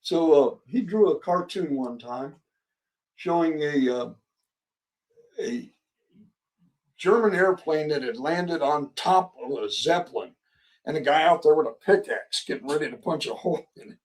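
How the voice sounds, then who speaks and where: A man in his seventies, a veteran guest, tells a long story with many halting pauses and chuckles. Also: a little high, expressive, a little mellow, recorded from a distance. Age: 70s. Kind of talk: storytelling interview.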